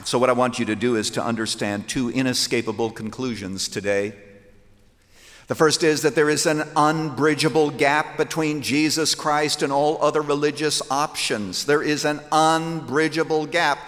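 This sermon comes from a man whose voice sits a little high and slightly bright, with a steady tone at normal speed. He preaches emphatically and rhetorically, questioning his listeners and citing scripture in archaic wording, while a large hall adds long reverb.

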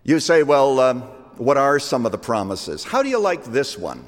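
A man preaching a sermon, slow and emphatic, rising to loud peaks and dropping to hushed lines. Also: mid-range voice, sing-song. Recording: long hall reverb.

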